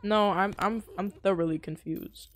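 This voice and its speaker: A woman's voice: medium pitch, steady tone, normal speed, slight background noise. Chatty young woman streaming a game. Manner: confused, chatty, self-mocking. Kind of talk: live game commentary.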